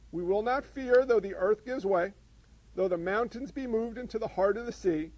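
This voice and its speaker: A man's voice: high-pitched, poor audio. A man preaching a sermon in a conversational way, posing rhetorical questions and repeating phrases to a congregation. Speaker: pastor.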